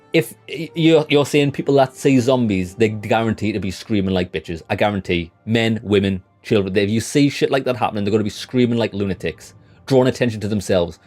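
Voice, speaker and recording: Young British male game streamer: low, warm voice, rambling, blunt, sweary chat with viewers. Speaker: gaming livestreamer. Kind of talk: casual chat with live chat.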